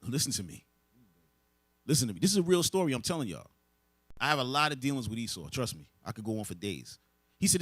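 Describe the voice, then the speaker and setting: A man's voice: medium pitch, sing-song, fast, a bit bright, no room sound. A man preaching a lesson to a group, emphatic and full of rhetorical questions. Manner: emphatic, asks rhetorical questions and answers them. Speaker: religious teacher.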